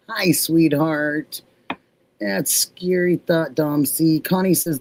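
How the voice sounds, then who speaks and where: A woman's voice: on the low side, very slow. A middle-aged woman hosting a livestream, reading chat and telling a personal story, acting out the dialogue as she goes. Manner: animated retelling, acting out quoted dialogue. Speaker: livestream host.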